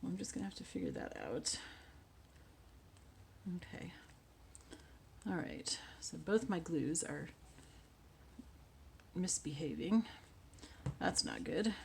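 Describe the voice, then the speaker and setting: A woman hosting a casual crafting tutorial, chatting and thinking aloud as she works, often dropping to quiet mutters. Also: lowish voice, animated, takes it slowly, gravelly, pauses often, slight background noise.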